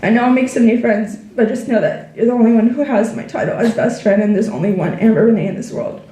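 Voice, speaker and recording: Brief: teen girl, senior speech, tearful and heartfelt, mellow voice, echoey room. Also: a little high, quick pace, recorded from a distance. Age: teens. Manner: heartfelt, reading thank-yous. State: tearful, near crying. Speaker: graduating student. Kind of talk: senior speech read aloud.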